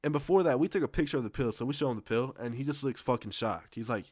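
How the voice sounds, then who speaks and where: A man's voice: medium pitch, fast talker, darkish tone, dry recording, clean studio sound. A young man telling a casual storytime in a loose, slangy, profane way, rambling with restarts.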